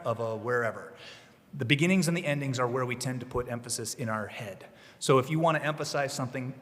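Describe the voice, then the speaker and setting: A man speaking at a conference, giving writing advice in a relaxed, explanatory way with the odd emphatic push. His voice sits at an ordinary middle pitch. The sound carries a long reverb from the hall. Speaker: legal writing presenter. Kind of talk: conference talk. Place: conference room.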